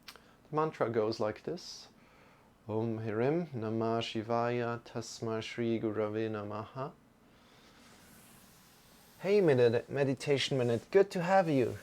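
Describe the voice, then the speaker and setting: A man teaching a live-streamed yoga class, giving calm, gentle instructions and greeting viewers in the chat. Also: medium pitch, vocal fry, a little hiss or hum.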